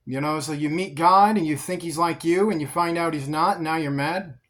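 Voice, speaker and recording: Man, bible teacher, casual sermon, sarcastic, conversational, fairly high voice. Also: normal speed, hardly any pauses, fairly bright tone. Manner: conversational, sarcastic, repeats words when emphatic.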